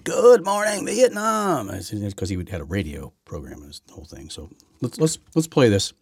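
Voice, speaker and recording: A man's voice: low voice, big pitch swings, brisk, darkish tone, breathy edge, no echo, clean studio sound. A male podcast host giving rambling, sarcastic political commentary and often repeating his words.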